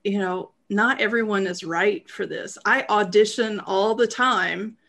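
Sex: woman. Role: voice actor and podcast guest. Style: casual chat, thoughtful and hesitant with many fillers and unhurried speech, plus a gravelly edge to her voice. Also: medium pitch, a bit bright.

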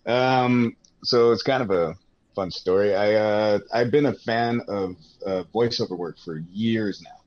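Man guest, lowish voice, rambling enthusiastic storyteller, muffled lo-fi line. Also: darkish tone. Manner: rambling, enthusiastic, with fillers and self-mocking sarcasm. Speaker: podcast guest. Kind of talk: casual podcast chat.

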